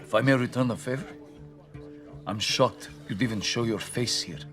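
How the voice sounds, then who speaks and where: A man playing a blunt tax collector in a period drama, speaking in a flat, cutting way. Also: mid-range voice, moderate pace, soft background music, close to an everyday voice.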